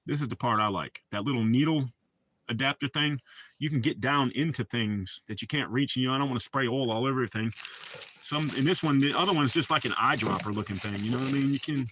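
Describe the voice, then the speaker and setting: Bright-voiced Southern man, laid-back drawl. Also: medium pitch, quick pace, a little hiss or hum. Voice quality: drawl, mouth full of dip. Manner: laid-back, swearing, laughs often. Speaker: streamer. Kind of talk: casual chat.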